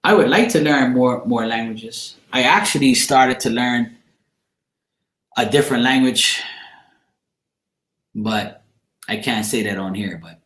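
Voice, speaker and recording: A man's voice: on the low side, fairly bright tone, echoey room. A man from Bermuda with a Bermudian accent, rambling in slangy, profane casual chat as he hosts a livestream. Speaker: livestream host.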